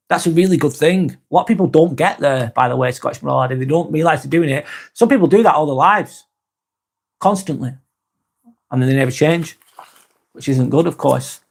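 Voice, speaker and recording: A man's voice: fairly high pitch, a little fast, creaky. A man hosting a live vlog, answering chat in a rambling, frank way, swearing often and restarting sentences. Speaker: host.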